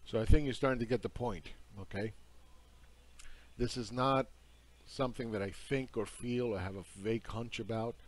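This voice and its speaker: A man's voice: medium pitch, fairly even intonation, normal speed. A man lecturing on market charts in an emphatic, insistent and scornful way. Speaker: market commentary host.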